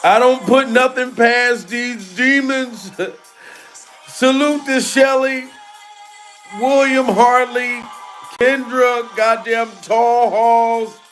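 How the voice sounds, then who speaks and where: A male comedian with a high voice drags his words out slowly as he riffs on gossip news. He breaks into laughter often and swears freely. Faint music plays underneath. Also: fairly even intonation, a bit bright. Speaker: comedian commentator. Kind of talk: casual gossip commentary.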